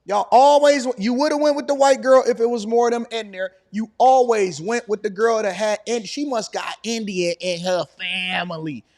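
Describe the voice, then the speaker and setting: Man in his 40s, high-pitched streamer host, animated and preachy. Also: normal speed, few pauses. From Detroit, Michigan. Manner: animated, preachy, hammering repetition. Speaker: political commentary host. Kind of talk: live-stream reaction commentary.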